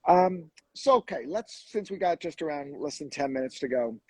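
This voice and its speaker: Husky-voiced man in casual chat. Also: a little high, expressive, a little mellow, dry recording, poor audio. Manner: chatty, halting restarts, laughs at own jokes. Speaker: hair restoration surgeon, co-host. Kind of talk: casual live-stream chat, telling jokes. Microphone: video call.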